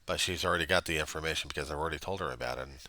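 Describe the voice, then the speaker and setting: A man speaking in a rambling, self-deprecating video diary to a reverend, moving between quiet musing and loud outbursts. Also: rumbling low, racing, no room sound. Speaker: video diarist addressing a reverend. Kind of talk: personal video diary monologue.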